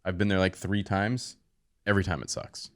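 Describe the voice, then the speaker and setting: A man in his thirties, a podcast host, telling a story in casual chat and acting out the quotes with sudden high-pitched outbursts. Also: flat delivery, moderate pace.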